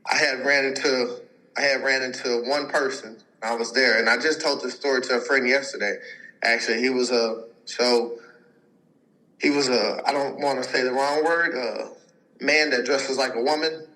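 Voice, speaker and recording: A pro football player in his twenties, appearing as a podcast guest, tells a long personal story in a casual, rambling way. He leans on filler words and acts out other people's quotes, his mid-range voice pushed and bright on a low-quality recording.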